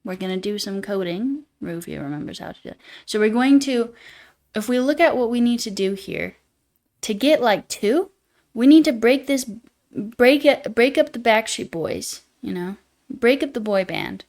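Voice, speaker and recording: A woman's voice: on the high side, expressive, moderate pace, a little mellow. A young woman live-streaming as she codes, thinking aloud, joking at her own expense and answering chat as she goes. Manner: thinks aloud while coding, jokey and self-deprecating; answers viewer chat in passing. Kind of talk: casual live coding stream.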